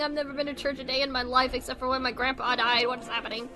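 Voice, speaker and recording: A woman's voice: high-pitched, flat delivery, very fast, hardly any pauses, music in the background. A woman streamer giving casual, joking commentary while playing a horror game, laughing often. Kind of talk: casual let's-play commentary.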